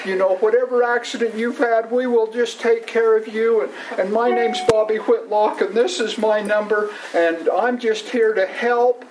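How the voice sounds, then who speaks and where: Brief: man voicing a sweet new woman claims clerk, high and coddling. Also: steady tone, moderate pace, few pauses, roomy sound, distant mic, noisy background, lightly acted. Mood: soothing. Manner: soothing, overly reassuring falsetto.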